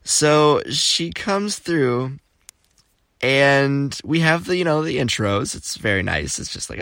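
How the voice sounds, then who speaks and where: A young man from Florida hosting a podcast, telling casual stories in an animated, jokey, exclamatory way. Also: mid-range voice, slow pace, no echo, studio quality. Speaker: podcast host. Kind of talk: casual storytelling.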